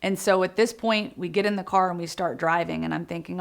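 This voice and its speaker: A woman's voice: lowish voice, steady tone, a little fast, vocal fry, hardly any pauses. A woman in her thirties, an interviewee in a family documentary, vividly recounting a tragedy in the present tense. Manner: vivid storytelling, reliving the moment in present tense. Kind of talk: emotional first-person recounting.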